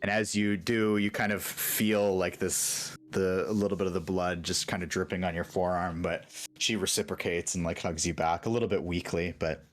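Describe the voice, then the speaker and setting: A man narrating as game master for a tabletop game, relaxed and halting with fillers. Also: low-pitched.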